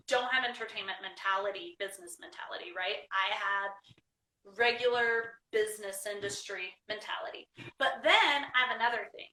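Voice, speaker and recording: A woman's voice: mid-range voice, sharp tone. A woman talking as a guest in a casual interview, chatty, laughing often and checking in with "right?". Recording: echoey room, mic at a distance, faint noise.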